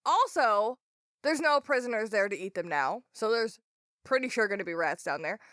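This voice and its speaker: Blunt, sarcastic female podcast co-host; bright, very expressive delivery. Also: mid-range voice, normal speed, no room sound, clean studio sound. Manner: blunt, sarcastic, swears freely. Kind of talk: casual book discussion.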